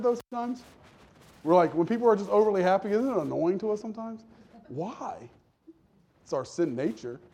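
Male pastor, casual storytelling sermon, voices the people in his stories, a touch high-pitched. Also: animated, dark tone, slightly rough. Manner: conversational, humorous, mimics people in quick voices.

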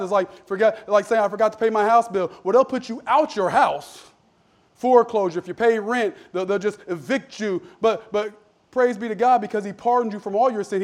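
High-voiced man preaching with call-and-response. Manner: swings between loud emphatic lines and low asides. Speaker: pastor. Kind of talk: sermon.

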